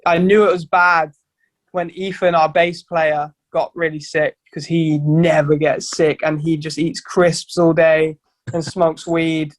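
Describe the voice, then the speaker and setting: A young man talking in a raised, somewhat high register, rambling through stories with plenty of restarts and swearing. The recording is very dry and close, with no room sound at all. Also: flat delivery, unhurried, no echo. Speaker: band vocalist guest. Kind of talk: casual podcast chat.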